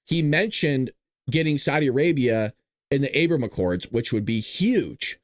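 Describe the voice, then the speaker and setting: A man's voice: moderate pace, no echo, studio quality. A man hosting a casual political commentary show, joking, laughing and breaking into silly voices. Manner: animated, jokey, often laughing, breaks into high silly voices.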